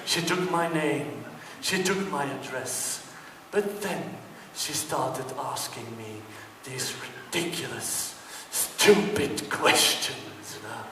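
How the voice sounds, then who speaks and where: A British comedian takes his time with a stand-up monologue in front of a theatre audience, his medium-pitched voice bright and forceful as he plays up mock outrage in his story. The sound comes from a distance through a reverberant, echoey hall, carrying a bit of hiss or hum.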